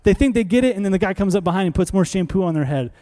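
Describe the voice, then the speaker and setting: A male pastor preaching a sermon in a conversational, animated way, acting out little scenes. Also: high voice, rapid-fire.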